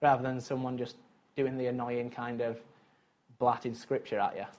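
A man's voice: medium pitch, little pitch movement, normal speed, darkish tone. A man preaching a casual, conversational sermon, chatty and self-mocking, with frequent asides to his listeners.

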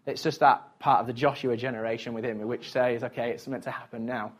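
A man's voice: medium pitch, fairly even intonation, brisk. A man preaching a casual, conversational sermon, chatty and self-mocking, with frequent asides to his listeners.

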